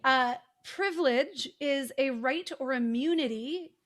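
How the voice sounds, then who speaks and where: Female podcast host, high-pitched, teacherly and explanatory, casual interview tone. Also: a little slow, a bit bright. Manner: explanatory, teacherly, talks in long flowing sentences.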